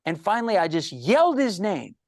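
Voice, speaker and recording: A middle-aged man, a guest psychologist, telling animated stories in an interview and acting out the voices he quotes. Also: high voice, fairly quick, no room sound, studio quality. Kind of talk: storytelling interview answers.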